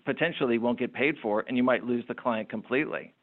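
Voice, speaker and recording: A middle-aged man talks as an interview guest, spinning stories with animated energy and the odd repeated word. His voice sits at an ordinary pitch. The sound is narrow and tinny, like a phone call. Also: fast talker. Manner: animated, repeats words while telling anecdotes. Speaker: guest, small business owner. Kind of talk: interview storytelling.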